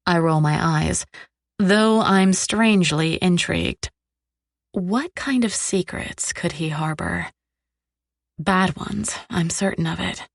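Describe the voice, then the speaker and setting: Low gravelly woman narrating dark romance. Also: takes it slowly, no room sound, clean studio sound. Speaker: audiobook narrator. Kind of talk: first-person dark romance audiobook narration.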